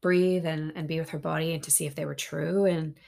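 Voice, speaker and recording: A woman hosting a podcast, talking openly and earnestly in a casual, heartfelt monologue that turns excitable at times. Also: deep voice, a little fast, vocal fry. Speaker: podcast host.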